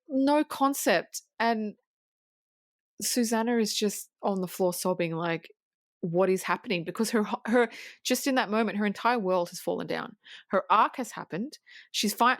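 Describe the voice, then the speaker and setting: A woman's voice: lowish voice, no echo, clean studio sound. Woman eagerly retelling a film scene. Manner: animated scene retelling with restarts and casual swearing. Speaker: podcast co-host. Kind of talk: casual film review chat.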